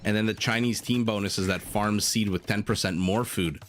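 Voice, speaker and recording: A man casting a strategy game on a livestream. He talks in a chatty, joking way and answers his chat between calls of the play. His voice sits on the low side, with a little faint noise behind it. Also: steady tone, normal speed. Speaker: game caster. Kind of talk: live esports commentary.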